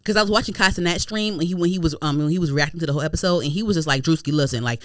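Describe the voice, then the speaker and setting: Rambling animated podcast woman. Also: fairly low pitch, rapid-fire, no echo, studio quality. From United States, Prince George's County, Maryland. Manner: animated, rambling, many fillers and restarts. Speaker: podcast co-host. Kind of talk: casual chat.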